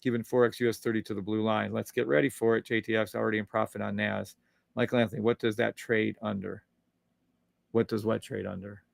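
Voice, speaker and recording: Gravelly man humming over live charts. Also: lowish voice, flat delivery, a little fast, dry recording. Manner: hums and scats while scrolling charts; upbeat and salesy, reads out viewer comments. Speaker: host of a live trading stream. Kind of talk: casual live-stream chart walkthrough.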